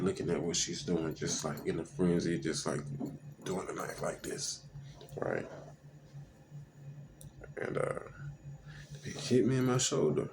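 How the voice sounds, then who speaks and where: A man's voice: deep voice, gravelly, background noise. A man telling a personal story in casual, slangy talk that halts on fillers and restarts.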